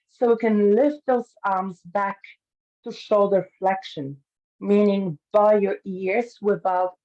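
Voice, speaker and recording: Woman calmly cueing a pilates class. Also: on the low side, dull audio. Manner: calm step-by-step cueing. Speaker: pilates instructor. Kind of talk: guiding an online fitness class.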